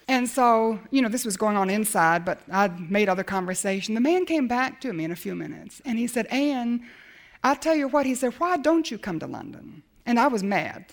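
A middle-aged woman preaching, telling a personal faith story with lively acted-out dialogue. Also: a little high, normal speed. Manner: animated storytelling, acts out dialogue. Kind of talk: sermon storytelling.

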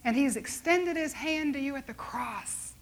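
A woman preaching a sermon, telling a story dramatically and slowing to soft, hushed appeals. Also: high voice.

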